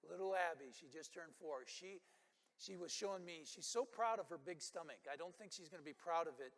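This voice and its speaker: An older man preaching a sermon as pastor, telling a story and acting out the people in it with animated quotes. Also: a little fast. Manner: animated, acts out quotes with rising pitch. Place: church sanctuary. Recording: long hall reverb.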